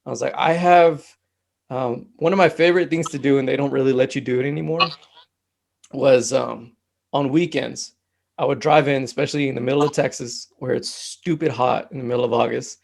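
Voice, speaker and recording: A man speaking as a mental health technician guest in a relaxed interview, telling stories with lots of fillers. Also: medium pitch, a little fast, vocal fry. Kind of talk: casual conversational interview.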